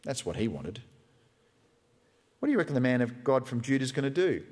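A man's voice: mid-range voice, sing-song, brisk, darkish tone, long reverb tail. A man preaching a sermon in a church, conversational and humorous, often acting out quotes. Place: church hall with live stream.

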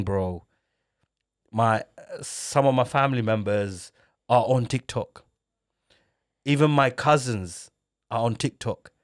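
Casting: man, podcast host, animated and slangy, mid-pitched. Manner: animated storyteller, slangy, quick laughs. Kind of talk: casual podcast chat.

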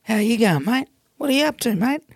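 A man's voice: very high-pitched, animated, brisk, breathy edge, no echo, studio quality, voice pushed up, full character voice. A man imitating a friendly, teasing Australian man in a pub, with an Australian accent and a jokey, bantering manner. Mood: cheery.

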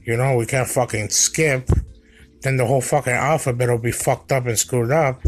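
A man's voice: mid-range voice, fairly even intonation, soft background music. A man hosting a comedy podcast, talking in a crude, swaggering monologue full of profanity. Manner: profane, swaggering, drawn-out delivery. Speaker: podcast host.

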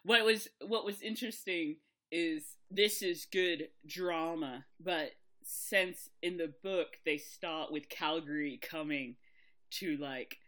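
A woman's voice: low-pitched, slow, a bit bright. A woman co-hosting a podcast, chatting casually and candidly about a TV mystery adaptation, swearing lightly and laughing often. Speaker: podcast co-host. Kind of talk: casual chat reviewing a TV adaptation.

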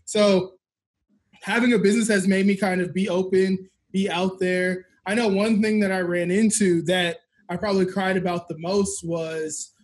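A man's voice: sits high, fairly even intonation, moderate pace. A man in his thirties, a podcast co-host and business owner, talking candidly and reflectively in a casual chat. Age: 30s.

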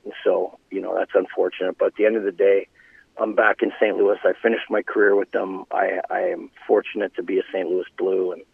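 A middle-aged man, a former hockey player, telling animated anecdotes in casual conversation. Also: low-pitched, vocal fry, slightly rough, no echo. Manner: animated anecdotes, laughing, restarts. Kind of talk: casual storytelling. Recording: phone line.

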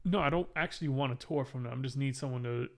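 A man with a mid-range voice, co-hosting a podcast in relaxed conversation. He talks bluntly and sounds fed up as he recounts getting hassled. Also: mid-range voice, fast, gravelly, a little hiss or hum. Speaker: podcast co-host. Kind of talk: casual chat.

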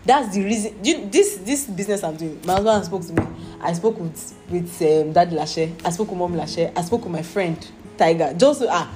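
A mellow, fairly low female voice with a Nigerian accent moves a little fast and expressively through a Bible lesson. She stays earnest, repeatedly asking her listeners "Do you understand?" Music plays in the background of a roomy, echoing recording.

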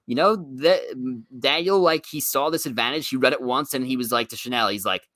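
Guy chatting through a show recap, bright voice, lots of you know and um, dry sound. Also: medium pitch, no room sound. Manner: rambling, fills every pause with "you know". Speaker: podcast co-host. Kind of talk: casual recap chat.

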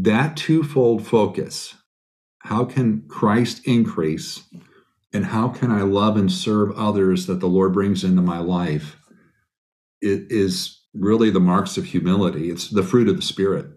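Earnest low-voiced man telling stories. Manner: earnest, animated storytelling with quoted asides. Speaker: guest, biblical counselor and author. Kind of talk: podcast interview answer.

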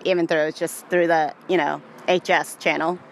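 A woman's voice: low voice, level tone, moderate pace, vocal fry, a little hiss or hum. Giddy playful woman vlogger. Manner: giddy, playful, puts on voices. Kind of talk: comedic skit vlog.

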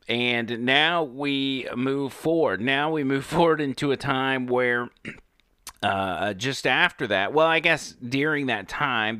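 A man hosting a casual political talk show, speaking emphatically with halting restarts into a studio microphone. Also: mid-range voice, sharp tone, clean tone, no echo.

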